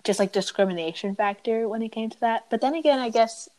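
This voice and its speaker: A young woman hosting a casual chat, laughing along and chiming in with quick asides. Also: a little high, a little mellow, poor audio. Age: young adult. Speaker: host.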